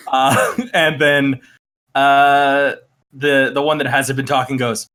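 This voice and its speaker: A man narrating as game master of a tabletop game, halting with restarts and frequent laughter. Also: mid-range voice, level tone, bright, forceful tone. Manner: halting, many fillers and restarts, laughing often.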